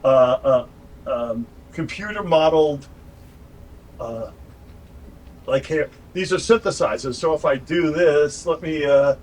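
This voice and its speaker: An older man from New York talks over a video call from his home studio, his voice sitting a little high for a man. He tells his stories in an animated, rambling way and keeps restarting his sentences. A faint hiss of noise runs underneath. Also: takes it slowly, long pauses. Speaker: guest musician and producer. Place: home studio full of synth gear.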